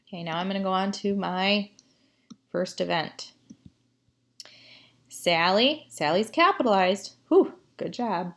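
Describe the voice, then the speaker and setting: A woman teacher giving a writing lesson, reading sentences aloud and asking the class what to fix. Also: medium pitch. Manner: slow, explaining, asks the class questions.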